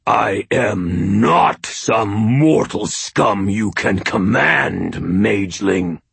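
A man voicing a menacing inhuman skinwalker that purrs and snarls slowly, heard over a phone. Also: lowish voice, expressive, gravelly, fairly bright tone, breathy edge, no room sound, voice pushed up, heavily acted. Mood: seething. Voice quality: purring, slow, seething. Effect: heard over a phone line.

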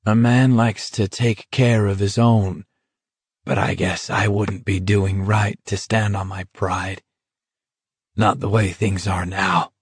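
A man reading the part of a sick, feverish young man in a weak, raspy whisper, speaking slowly and plaintively. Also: fairly low pitch, level tone, no room sound, clean studio sound. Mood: weak, pleading. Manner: halting, slow, plaintive.

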